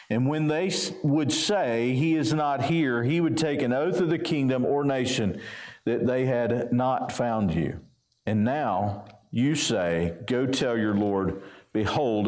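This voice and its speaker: A pastor with a Southern US accent reading scripture aloud and explaining it conversationally in a sermon. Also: male voice, medium pitch. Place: church sanctuary. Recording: roomy church echo.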